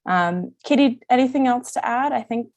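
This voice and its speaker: A woman's voice: a little high, moderate pace, no echo, lo-fi sound. A woman speaking on an online panel webinar as a church advocacy staffer, eager and chatty.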